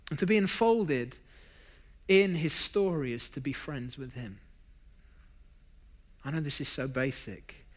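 Man, preacher, sermon, high voice, emphatic lists, dry self-mocking asides. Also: a little slow, long pauses. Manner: emphatic, builds long lists of phrases; asides with self-deprecating humor.

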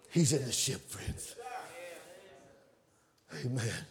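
A man preaching a fervent sermon, telling stories in a folksy way and building to shouted climaxes. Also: fairly high pitch, normal speed. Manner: storytelling in a folksy, conversational way.

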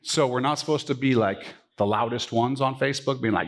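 A man who is a pastor preaching a sermon in a church, swinging from emphatic high points to quiet asides. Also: brisk. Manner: animated, rising to emphatic peaks and dropping to quiet asides. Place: church sanctuary.

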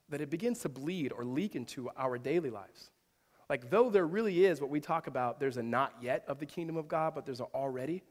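A man in his thirties preaching a sermon, telling lively personal stories with humorous asides. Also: fairly high pitch. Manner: animated storytelling with asides and self-deprecating humor. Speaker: pastor. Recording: long reverb of a large hall.

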